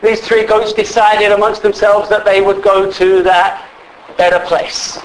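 High-voiced man telling a sermon story. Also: flat delivery, measured pace, a little hiss or hum, low-quality recording. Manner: conversational, repeats words, asks listeners questions.

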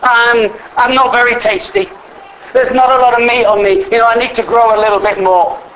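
A small, timid baby goat pleads slowly and earnestly for its life, as a man telling a story puts it on. The voice sits fairly high and comes through a faint hum of noise. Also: flat delivery, a bit bright, poor audio. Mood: pleading.

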